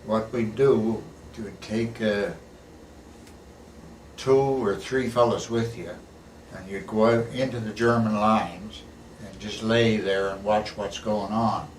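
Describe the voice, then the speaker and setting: This older veteran, a plain-spoken storyteller being interviewed casually, has a fairly low voice with fairly even intonation and a slow pace. He's folksy and attaches "eh" to his sentences. The audio sounds echoey and distant, with a faint background hiss.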